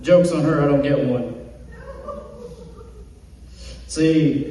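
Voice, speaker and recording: Self-deprecating stand-up comic, echoey hall. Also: male voice, fairly high pitch, moderate pace, long pauses, dark tone. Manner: self-deprecating punchlines with acted quotes. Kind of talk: stand-up comedy set. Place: comedy club stage. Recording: distant echoey hall recording.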